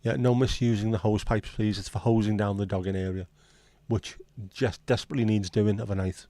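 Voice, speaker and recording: A man's voice: on the low side, fairly even intonation, brisk, dark tone, no echo. A middle-aged man chatting casually on his livestream, joking and answering viewers' messages. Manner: easygoing, jokey, responds to chat messages. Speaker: livestream host.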